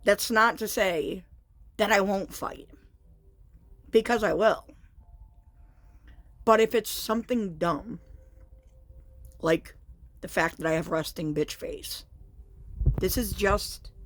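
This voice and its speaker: Woman, vlogger, candid personal storytelling, confessional, halting with fillers, middle pitch. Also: no echo.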